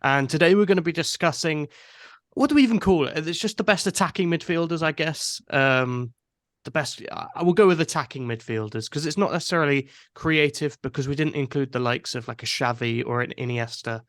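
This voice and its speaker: Relaxed man hosting a podcast. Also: fairly high pitch, a little fast, no room sound, clean studio sound. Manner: easygoing, thinks aloud with restarts. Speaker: podcast host. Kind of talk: casual football podcast chat.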